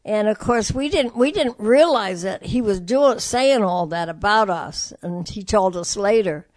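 An older woman from Detroit tells her stories with lively animation, slipping into the voices of the people she quotes. Her voice sits at a middling pitch for a woman. The sound is close and dry, with almost no room around it. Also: unhurried, dry recording. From Detroit, USA. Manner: lively storyteller who acts out quoted voices. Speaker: jazz singer interviewee. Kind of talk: storytelling interview.

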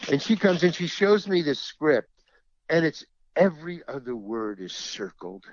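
Animated storytelling man. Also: fairly high pitch, unhurried, no echo, muffled recording. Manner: animated, acts out other people's lines. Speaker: actor and stand-up comedian. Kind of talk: anecdotal storytelling in an interview.

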